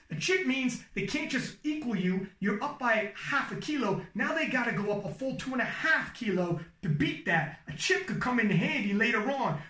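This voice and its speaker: A man talking casually about sports commentary, animated and swearing freely, acting out excited play-by-play calls. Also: high voice, normal speed, hardly any pauses, roomy sound, far from the mic. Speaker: powerlifting commentator. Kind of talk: casual podcast chat giving advice.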